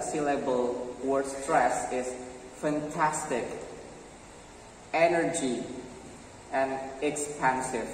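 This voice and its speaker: A young man with an Indonesian accent presenting a pronunciation lesson to his class, halting and full of fillers. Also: medium pitch, darkish tone, a little hiss or hum. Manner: slow, halting, with many fillers. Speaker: student presenter. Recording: roomy echo from far off.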